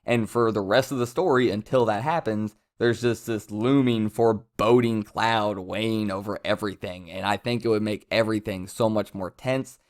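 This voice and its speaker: A man's voice: lowish voice, moderate pace, few pauses. A man giving casual commentary as a manga reviewer, rambling with self-interruptions and amused asides.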